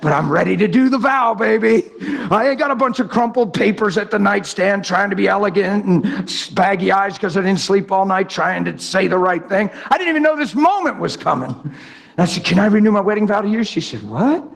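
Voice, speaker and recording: A man preaches in a high, ringing voice. He tells a personal story with spontaneous emphasis, jumping into acted-out quotes from people in the story. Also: lively intonation, fairly quick, vocal fry. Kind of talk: sermon with personal testimony.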